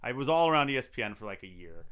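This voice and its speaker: A man's voice: mid-range voice, very animated, racing, crowd noise. A middle-aged man telling a story in casual podcast chat, acting out the people he quotes. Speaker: podcast guest.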